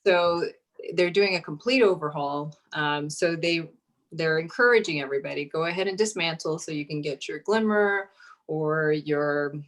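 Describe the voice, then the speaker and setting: A woman co-hosting a podcast in a laid-back, playful and teasing casual chat. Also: deep voice. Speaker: podcast co-host.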